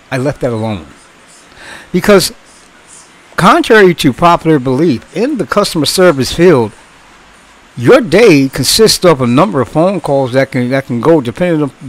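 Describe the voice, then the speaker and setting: A man in his sixties, formerly in customer service, lectures bluntly in a casual monologue, cursing and repeating himself. His voice is slightly high, and the recording is rough.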